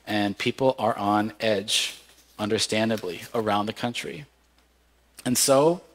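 A pastor preaching a sermon in an earnest, measured way, with cries of lament now and then. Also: male voice, fairly low pitch. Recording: long hall reverb.

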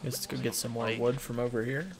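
Young male gaming co-host, mid-pitched, offhand and giggly, faint background hiss. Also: flat delivery, brisk, vocal fry. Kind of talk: casual gameplay commentary.

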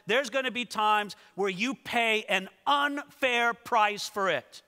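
Bright, high-voiced man preaching in an echoing hall. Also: unhurried, hardly any pauses. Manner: animated, talks straight to listeners. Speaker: pastor. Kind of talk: expository sermon.

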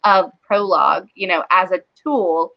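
A woman's voice: lowish voice, measured pace, vocal fry. Woman, livestream host, casual chat, laughs often, lo-fi sound. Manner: chatty, laughs often, reads viewer comments aloud.

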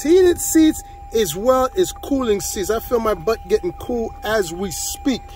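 A man with a fairly high voice runs through a casual sales walkaround outdoors on a car lot. His patter is playful and pumped up, and he keeps circling back to the same catchphrases. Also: animated, measured pace, few pauses, a little mellow, faint music behind. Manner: hyped, playful salesman patter with lots of repetition. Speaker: used car dealer.

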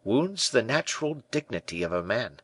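A man reading an audiobook, voicing a witty, observant playwright who explains things politely and smoothly. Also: mid-range voice, sing-song, normal speed, a bit bright, dry recording, pitched above the performer's own voice. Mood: courteous.

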